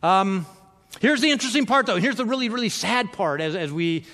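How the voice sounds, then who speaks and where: A man's voice: high voice, animated, brisk, pushed and bright. Conversational male pastor in a reverberant hall. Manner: conversational, filler-heavy, self-interrupting with repeated words. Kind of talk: sermon.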